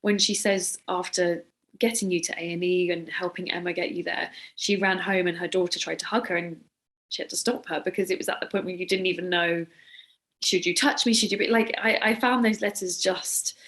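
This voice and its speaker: A woman's voice: fairly low pitch, normal speed, a bit bright. Earnest woman interviewer. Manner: earnest, reflective. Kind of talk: interview conversation.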